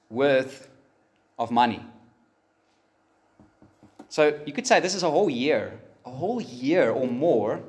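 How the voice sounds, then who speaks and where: Man, sermon, lively rising pitch, fairly high voice. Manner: emphatic, pausing, rises for emphasis. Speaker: pastor.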